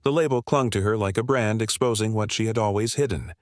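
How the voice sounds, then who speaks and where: A man reading a scripted dramatic story as narrator, in an even, measured way. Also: fairly low pitch, dry recording, clean studio sound.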